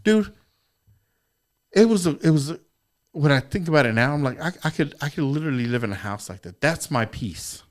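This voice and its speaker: A man guesting on a podcast, telling stories in casual chat, animated, swearing a lot and repeating himself. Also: fairly high pitch, brisk, long pauses.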